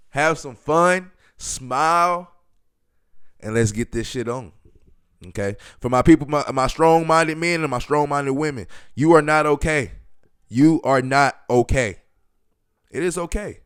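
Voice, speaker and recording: A man hosting a solo podcast, talking loosely and emphatically, with many fillers and sudden bursts of excitement. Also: on the high side, unhurried, clear, resonant tone, dry recording, studio quality. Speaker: podcast host.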